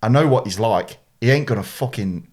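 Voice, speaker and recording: A young man co-hosting a podcast, telling a story in a casual, sweary way. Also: a little fast. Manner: animated, sweary, dramatic pitch swings. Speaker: podcast co-host.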